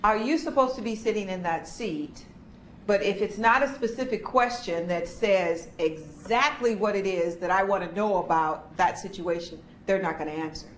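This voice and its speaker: A woman trainer leading a workshop on a middle, everyday pitch. She talks through her stories and acts out the children in them. Her voice sits in an echoey room with a faint hiss behind it. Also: moderate pace.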